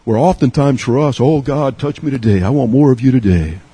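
A middle-aged pastor from Texas preaches a sermon earnestly, repeating and restarting, rising high to urge his listeners and sinking low and quiet. He speaks fairly quickly, with a breathy edge to his voice.

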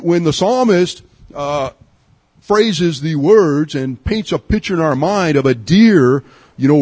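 Earnest middle-aged preacher from Texas. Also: male voice, darkish tone, husky, no room sound. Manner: earnest, repeats and restarts, swings from high urging to low murmur. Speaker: pastor. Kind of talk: sermon.

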